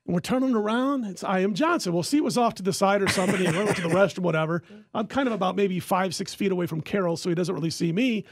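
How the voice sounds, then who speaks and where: A high-pitched man telling a lively story on a sports-betting podcast, laughing as he goes. The sound is dry and close, with no echo. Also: quick pace, few pauses. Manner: animated storyteller who laughs often. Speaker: podcast host and sports handicapper.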